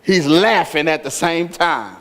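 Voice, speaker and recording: High-voiced preacher telling a story. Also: male voice, lively intonation, measured pace. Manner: storytelling, building to shouted exhortation. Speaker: pastor. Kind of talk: sermon.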